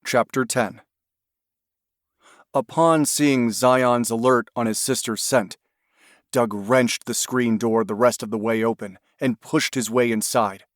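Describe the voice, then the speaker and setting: Steady male audiobook narrator. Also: mid-range voice, dry recording, studio quality. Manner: steady, measured storytelling.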